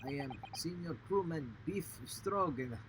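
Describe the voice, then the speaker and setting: A hostile, burly sailor guarding the first-class cabins, as a man puts him on, snapping short lines in a thick put-on Russian accent and broken English. His pitch swings lively as he barks, and a steady hiss of noise sits under the game-stream recording. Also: unhurried. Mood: surly. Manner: broken English, blunt and surly. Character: gruff burly male ship's guard, hostile.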